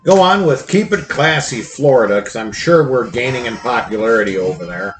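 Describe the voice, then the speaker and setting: Low-voiced woman cracking crude jokes. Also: expressive, brisk, over music, rough recording. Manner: crude joking, wry one-liners. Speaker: podcast co-host. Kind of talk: casual podcast chat.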